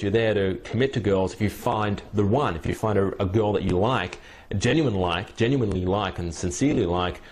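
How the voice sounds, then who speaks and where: A man's voice: on the low side, darkish tone. A young man coaching on dating, telling a long anecdote in a casual, rambling way with many restarts. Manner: rambling, with frequent restarts and repeated words. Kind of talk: casual storytelling and advice.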